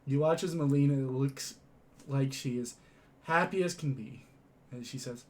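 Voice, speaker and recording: A man narrating a tabletop game as game master, in a halting way. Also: medium pitch.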